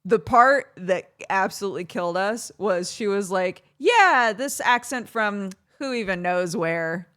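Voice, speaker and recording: Chatting on a livestream, a young woman laughs her way through an animated, giggly story. Her medium-pitched voice is clean and unhurried, with hardly any pauses.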